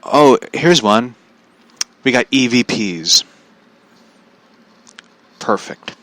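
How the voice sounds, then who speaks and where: A man hosting a podcast in a casual chat, rambling and halting, with many "like" fillers and chuckles. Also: mid-range voice, lively intonation, a bit bright. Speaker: podcast host.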